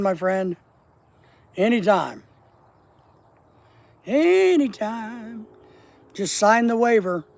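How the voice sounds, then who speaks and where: A man's voice: sits high, darkish tone, low-quality recording. A man hosting a casual live stream outdoors at night, reading viewer comments aloud and teasing them in a blunt, profane, joking way.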